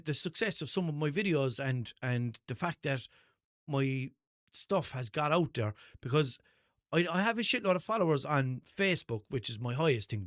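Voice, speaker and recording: A man's voice: a little high, dry recording, studio quality. A young Irish man with a Limerick accent, rambling through sweary, self-mocking stories on his solo podcast. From Ireland. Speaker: podcast host. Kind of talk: casual solo podcast monologue.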